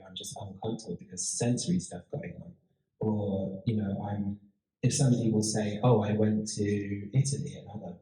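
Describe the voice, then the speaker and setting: Man, dark and mellow tone, chatty talk speaker, echoey room. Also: fairly low pitch, fairly even intonation, a little fast. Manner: chatty, rambling, with frequent restarts and laughs. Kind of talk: casual public talk with audience Q&A.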